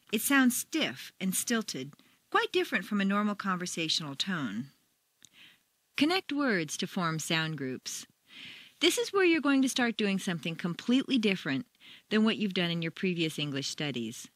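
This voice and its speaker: A woman reading a scripted pronunciation lesson in a measured way, stopping to demonstrate example phrases. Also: mid-range voice, no echo. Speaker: pronunciation teacher. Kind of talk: scripted instructional narration.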